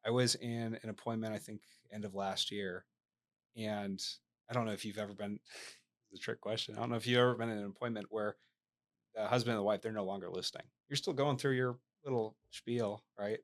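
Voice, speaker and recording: A man in a podcast interview, a sales professional telling a story in an animated way and often tagging his sentences with "right?". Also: on the low side, brisk. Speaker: guest, sales professional and real estate agent.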